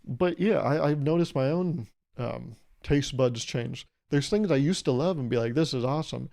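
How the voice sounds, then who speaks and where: A man's voice: medium pitch, normal speed, gravelly, mellow. A man in his twenties hosting a solo podcast, rambling and joking as he acts out little quoted exchanges. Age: 20s. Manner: rambling, jokey, swears freely, acts out quotes. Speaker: podcast host. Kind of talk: casual solo podcast monologue.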